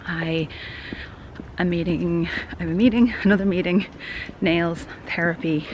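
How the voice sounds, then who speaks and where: A woman's voice: on the low side, fairly even intonation, a little slow, highs cut off, slight background noise. A woman chatting casually to her camera as a vlogger, laughing often and dropping to a whisper at times. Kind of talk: casual vlog chat. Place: outdoors in city streets, then indoors at a clinic.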